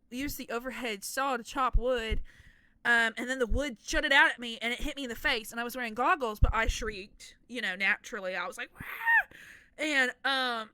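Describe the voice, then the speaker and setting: Bright, chatty young woman rambling. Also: a little high, clean tone, dry recording. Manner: chatty, profane and playful; rambling, self-deprecating asides. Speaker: content creator. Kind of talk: casual chat about game characters.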